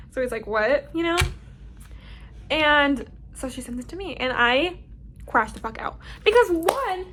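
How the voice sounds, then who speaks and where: A young woman with a notably high voice tells a storytime for her vlog. She is dramatic, animated and swears constantly as she tells it. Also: slight background noise. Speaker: vlogger.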